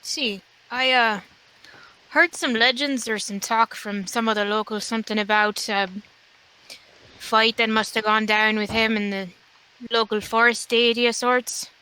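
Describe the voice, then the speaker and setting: A woman speaks in character at a tabletop game with a dry, casual delivery. Her voice is smooth, bright and somewhat high. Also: steady tone, unhurried, low-quality recording. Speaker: player. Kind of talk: in-character tabletop role-play.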